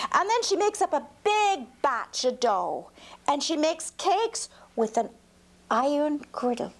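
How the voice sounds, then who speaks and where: A woman telling a folk tale aloud to a child, slipping into whispers for suspense. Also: high voice. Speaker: storyteller.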